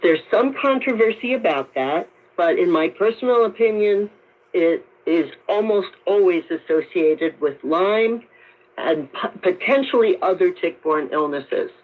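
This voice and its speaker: Slow, measured woman doctor on old radio. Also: fairly low pitch, expressive. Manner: measured, explanatory. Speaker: doctor guest. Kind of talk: radio call-in interview. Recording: tinny narrow-band radio broadcast.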